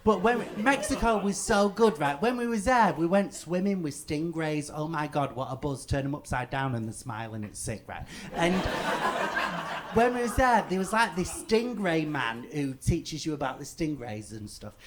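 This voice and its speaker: English male comic in his thirties, lively stand-up delivery, a bit high, live gig noise. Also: normal speed. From England. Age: 30s. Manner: animated, rising to loud outbursts for punchlines. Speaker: stand-up comedian. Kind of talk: stand-up comedy set. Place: comedy stage before a live audience.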